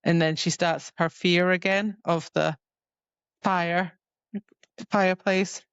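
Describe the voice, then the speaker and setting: A woman's voice: on the low side, fairly even intonation, slow pace, clean tone, no room sound. Woman on a dull, lo-fi mic, chatting. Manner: retells scenes with many "like"s, quoting characters. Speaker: podcast co-host. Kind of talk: casual book discussion. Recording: dull, slightly lo-fi, dry.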